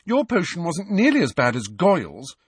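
A man voices a clever, bossy teenage girl in a full character voice, raised and lighter than his natural one, sounding earnest. His pitch is a little high and swoops wildly at a moderate pace, slightly rough, with studio-quality sound and no room tone.

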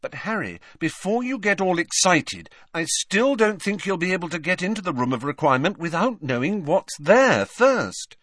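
A man's voice: sits high, big pitch swings, moderate pace, hardly any pauses, a bit bright, no room sound, clean studio sound, pitched above the performer's own voice, exaggerated voice. A man reading aloud, voicing a clever, serious teenage girl witch who talks in a precise, lecturing way. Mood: earnest.

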